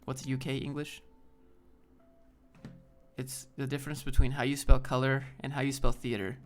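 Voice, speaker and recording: A man's voice: mid-range voice, little pitch movement, soft background music. A man hosting a live stream in a casual, rambling way, reading and answering chat as he talks. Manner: rambling, loose, quick asides to chat. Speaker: livestream host.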